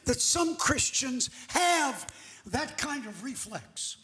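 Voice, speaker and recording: Brief: high, lively male preacher, emphatic storyteller who climbs to shouts. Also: takes it slowly. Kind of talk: sermon with an interpreter.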